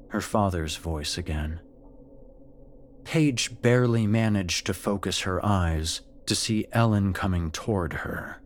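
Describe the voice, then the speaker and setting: A man narrating a horror story in a slow, measured, scripted storytelling manner. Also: sits low, slight background noise.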